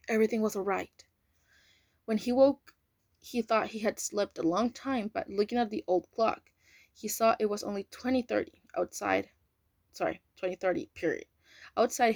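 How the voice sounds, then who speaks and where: Woman w/ reading a novel out loud, careful, fixes her slips, dry close sound. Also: mid-range voice, gravelly, no room sound. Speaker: reader. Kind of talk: amateur audiobook reading.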